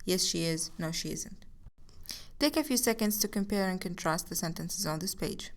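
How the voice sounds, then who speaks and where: A woman giving a recorded language lesson, explaining slowly and mixing English explanations with examples. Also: lowish voice. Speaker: language teacher.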